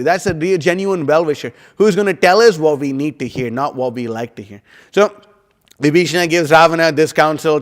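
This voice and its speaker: A man giving a casual scripture class, rambling and animated, with lots of "you know" and "like". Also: a little high. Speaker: devotional class speaker. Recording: long hall reverb.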